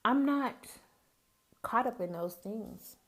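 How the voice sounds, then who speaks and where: A woman's voice: fairly high pitch, expressive, takes it slowly, a bit bright. A woman from Mississippi with a Southern accent, speaking in a candid, folksy personal monologue as a podcast host who calls her listeners "baby".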